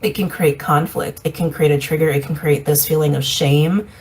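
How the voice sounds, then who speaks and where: A woman giving a casual intuitive reading, meandering and repeating herself, reflective with soft laughs. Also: sits low, fairly even intonation, moderate pace, rough recording. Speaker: intuitive reader.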